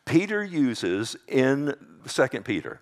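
A man with a Texas accent preaching a sermon, talking casually to the congregation and asking them for amens. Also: very animated. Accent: Texan. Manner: conversational, calls out to congregation for amens; slows and drops low on scripture lines.

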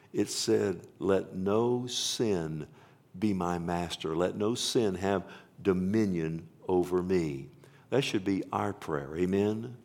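A man's voice: sits low, a little mellow. A man preaching a sermon to a congregation. He stresses scripture and calls out "Amen?" to the listeners. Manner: preaching with rising emphasis, slowing to stress scripture. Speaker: pastor.

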